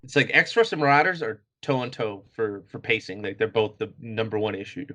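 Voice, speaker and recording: A man's voice: lowish voice, brisk, sharp tone. Chill guy on a comic podcast, laughs a lot, says like constantly. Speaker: podcast co-host. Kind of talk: casual comic book review chat.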